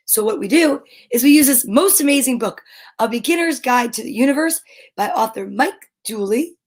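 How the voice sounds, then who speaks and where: A middle-aged woman with a New Jersey accent, hosting a cheerful kids' show. Her voice sits high and bright, and she chats playfully with a sing-song lift in her greetings. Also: husky, rough recording. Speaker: children's show host. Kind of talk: cheerful live-stream chat for kids.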